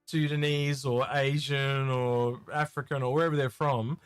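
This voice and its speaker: A man's voice: medium pitch, level tone, normal speed, clean tone, no room sound. A man with a Tasmanian Australian accent co-hosting a live question-and-answer stream, chatting casually, rambling and repeating words as he restarts his sentences. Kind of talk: casual chat.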